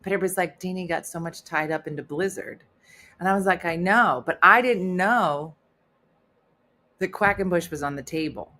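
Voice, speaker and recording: A middle-aged woman hosting a casual livestream chat, playful and teasing with deadpan asides. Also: lowish voice, a little slow. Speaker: host.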